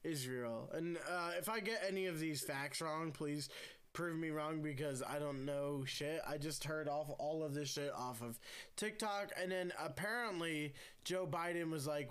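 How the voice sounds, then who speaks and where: Young podcast co-host, high smooth voice, teasing and joking. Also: male voice, measured pace, a bit bright. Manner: joking, teasing, loose with facts. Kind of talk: casual chat.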